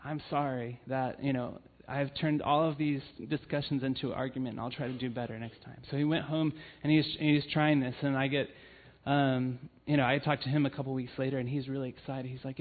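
Preaching with a mid-range voice, this church family ministry leader keeps his intonation fairly even and moves fairly quickly, hardly pausing at all. His sermon is earnest personal storytelling peppered with "um"s, and the recording has a tinny, phone-like quality.

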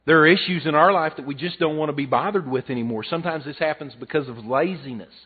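A man's voice: a little high, fast, husky. A middle-aged man preaching a sermon in a folksy, conversational way, mixing scripture and jokes. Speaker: pastor. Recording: phone-like narrow sound.

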